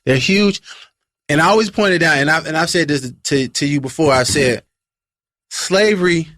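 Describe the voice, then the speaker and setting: A man's voice: on the high side, normal speed, fairly bright tone, no room sound, clean studio sound. A man in a casual group discussion, speaking emphatically and repeating phrases for stress. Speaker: discussion panelist.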